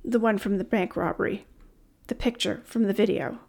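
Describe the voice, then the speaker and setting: A woman's voice: mid-range voice, steady tone, moderate pace, vocal fry, a little mellow. A woman reading the lines of a nervous, hesitant young woman in a storybook, her voice trembling.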